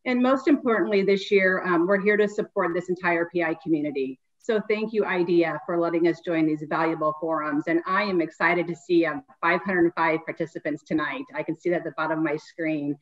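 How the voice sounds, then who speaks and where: A woman's voice: fairly low pitch, steady tone, brisk, few pauses. A woman giving a short, friendly sponsor message as a company representative. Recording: dull lo-fi video call audio.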